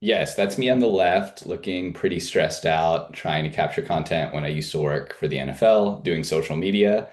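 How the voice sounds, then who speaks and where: A man who founded a company introduces himself casually on a webinar over a video call, in a relaxed and friendly way. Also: sits low, normal speed, few pauses.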